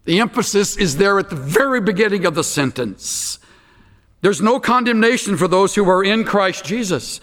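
A man preaching an expository sermon, emphatic and slowing down to stress key phrases. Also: sits high, expressive, a bit bright, big-room sound.

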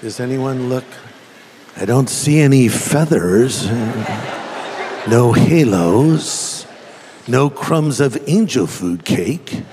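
A man's voice: mid-range voice, animated, slow pace, darkish tone, in a large hall, a little hiss or hum. A man preaching a sermon, telling a story with humor and acting out the voices. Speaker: pastor.

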